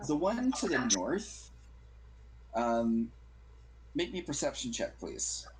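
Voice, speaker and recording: A relaxed man acting as game master, describing rooms and sounds in a loose, rambling way. He often stops to correct his own wording. His voice sits at a middle pitch. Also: slow pace, slight background noise, rough recording. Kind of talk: running a tabletop game.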